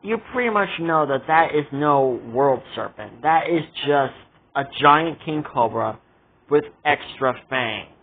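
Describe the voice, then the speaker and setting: Complaining about a show in a casual vlog rant, a man speaks in an animated, high-leaning voice with a breathy edge and a measured pace. He's exasperated and indignant, repeating asides as he goes, over tinny, phone-like audio.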